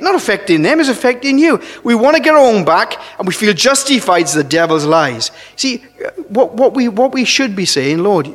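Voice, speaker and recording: A man preaching a sermon, earnest and halting, often restarting his phrases and pushing up into emphatic rises. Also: high-pitched, animated. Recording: long reverb of a large hall.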